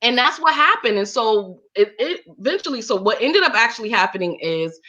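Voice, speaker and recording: A woman guest in an interview, telling her story in an animated, expressive way. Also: on the high side, brisk, muffled recording.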